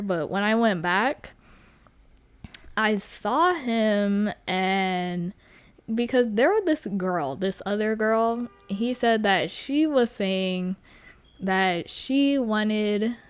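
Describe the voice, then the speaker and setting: A young woman hosts her own podcast alone, talking at an unhurried pace. Her voice sits at a middle pitch. She rambles frankly from one thought to the next and swears freely. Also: no room sound. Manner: slow, rambling and frank, with much cursing. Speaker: podcast host. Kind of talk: casual solo chat.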